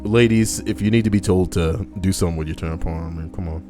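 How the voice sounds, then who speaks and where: A man's voice: deep voice, fast talker. A man reading stories on a live stream, casual and profane, breaking off for wry asides to his chat. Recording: background music playing.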